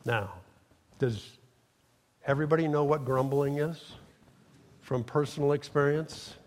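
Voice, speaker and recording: A middle-aged pastor preaches with a slightly raised pitch, pushing each point hard and pausing for the congregation to answer back. His voice rings out with a long reverb through a church sanctuary. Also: steady tone. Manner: emphatic call-and-response preaching. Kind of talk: sermon.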